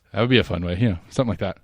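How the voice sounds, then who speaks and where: A podcast host chatting casually and rambling about local politics, full of fillers and restarts. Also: male voice, medium pitch, a bit bright, no room sound, studio quality.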